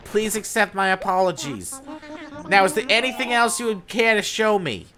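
A man's voice: sits high, normal speed, crowd noise, pitched above the performer's own voice, natural voice. A man putting on a fussy, hooting old owl curator. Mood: prim. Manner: over-formal, apologetic, hooting. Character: prim, fussy old male museum owl, sleepy and polite.

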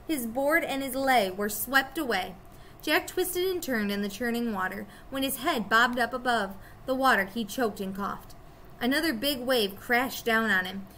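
A woman teacher reading a children's chapter book aloud to her students, expressive and storytelling. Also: on the high side, moderate pace, slight background noise.

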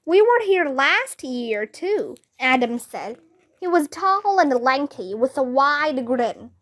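Woman w/ vietnamese accent reading a kids mystery book, high voice, takes it slow. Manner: slow, careful reading with lively dialogue. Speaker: reader. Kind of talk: children's book read aloud.

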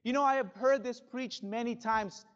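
A male pastor preaching a sermon in a church, dramatic, swinging from loud bursts to hushed drops. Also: very high voice, moderate pace, muffled recording. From Spanish-speaking background. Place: church sanctuary.

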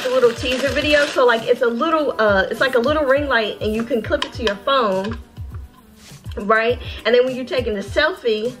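Bubbly excitable woman unboxing on camera. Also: fairly high pitch. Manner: bubbly, excitable, talks straight to viewers as "y'all". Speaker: beauty vlogger. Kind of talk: casual unboxing vlog.

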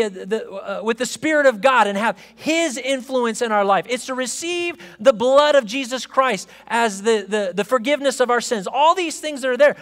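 A man's voice: very high voice, fairly bright tone. A male pastor preaching a sermon in a conversational way, often checking in with his congregation, and building to emphatic proclamation. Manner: conversational preaching with frequent "okay?" check-ins. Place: church sanctuary. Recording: long reverb of a church hall.

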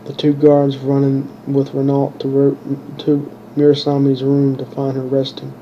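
A man reading his own fantasy story aloud in a plain, monotone way, stumbling and restarting now and then. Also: medium pitch, measured pace, muffled recording, slight background noise. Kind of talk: unpolished audiobook narration.

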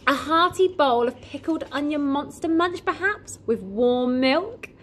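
A woman voicing a kindly grown man who keeps a corner shop, gentle and coaxing, in a storybook reading. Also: sits high, animated, measured pace, a little hiss or hum, voice pushed up.

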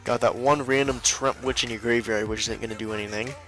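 A man's voice: mid-range voice, fairly even intonation, fast, a bit bright, faint music behind. A man commentating a card game video in a casual, exasperated and sarcastic way, laughing often. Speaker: video host and duel commentator.

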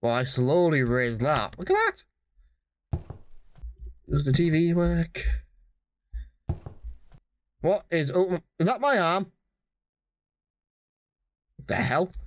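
A man giving dry, deadpan let's play commentary while playing a horror game. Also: fairly high pitch, slow pace, long pauses.

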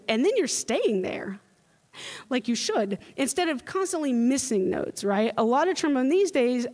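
A young woman giving a playful, animated panel talk as a trombonist at a convention. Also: a little high. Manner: animated, playful, mimics voices. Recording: reverberant hall.

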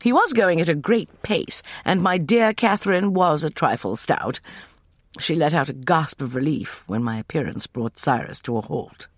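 A man narrating a first-person novel as an audiobook, reading in an expressive, animated way. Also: on the high side, normal speed, dry recording, clean studio sound.

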